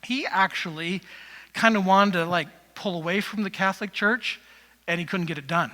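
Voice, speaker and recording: A man's voice: high-pitched, normal speed, sharp tone. A male pastor giving a conversational sermon in a church, rambling with asides to the congregation. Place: church sanctuary. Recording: long reverb of a church hall.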